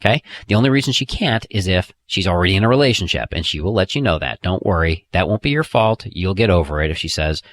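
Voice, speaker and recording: A man reading his own dating advice audiobook in a casual, energetic, joking way, often checking in with "okay?". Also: low voice, fast, hardly any pauses. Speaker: author and audiobook narrator.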